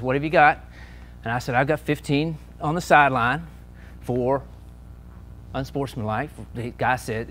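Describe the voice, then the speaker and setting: Animated storytelling man at a meeting. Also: fairly high pitch. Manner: animated anecdotes, shouting out quoted lines. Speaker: sports official and speaker. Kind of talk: storytelling talk to an audience.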